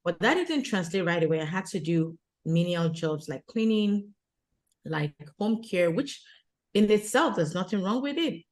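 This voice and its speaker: A woman's voice: fairly low pitch, expressive, normal speed. A woman guest telling her immigrant story in an earnest, conversational way, often adding "you know" and "right?". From abroad, immigrant to Canada. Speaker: guest, retreat organizer for women.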